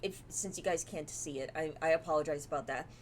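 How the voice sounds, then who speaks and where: A woman's voice: low-pitched, brisk, slight background noise. Jumpy woman reacting to a horror game. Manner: jumpy and easily startled, gasping and exclaiming; chatty, talks to viewers while reading aloud. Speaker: gamer playing a horror game. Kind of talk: live gameplay commentary.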